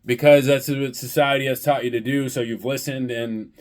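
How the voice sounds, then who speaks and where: A man's voice: medium pitch, fairly even intonation, normal speed. A man who owns a landscaping business, ranting bluntly and profanely in a vlog, preaching to his viewers. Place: hotel room.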